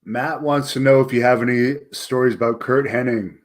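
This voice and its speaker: A man's voice: medium pitch, fairly even intonation, moderate pace. A man hosting an interview, reading out viewer questions in a plain way.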